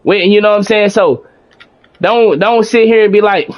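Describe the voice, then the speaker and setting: High-voiced man preaching to his chat. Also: normal speed. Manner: preachy, motivational, repeats himself, reads out chat. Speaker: streamer talking to his live chat. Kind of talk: casual livestream chat.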